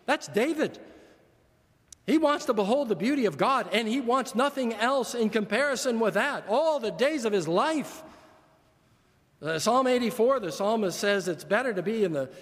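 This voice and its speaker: A man's voice: extremely high pitch, lively intonation, normal speed. An older man preaching a sermon as pastor, earnest and emphatic, building points through repetition. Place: church sanctuary. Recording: long church reverb.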